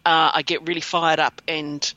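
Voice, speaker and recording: A woman's voice: low voice, flat delivery, moderate pace, sharp tone, dry recording. Woman host, casual conversation, reflective and supportive; dry, dull-sounding recording. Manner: supportive listener with frequent short affirmations, reflective when speaking at length.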